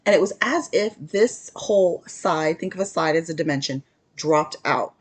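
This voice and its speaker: A woman with a husky, slightly breathy voice that sits on the low side gives a relaxed spiritual teaching straight to camera. She talks earnestly, retelling her story through quoted back-and-forth exchanges and restarting sentences as she goes. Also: normal speed. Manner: earnest, recounting a story with many quoted exchanges and self-corrections. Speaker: Christian teacher sharing a spiritual lesson.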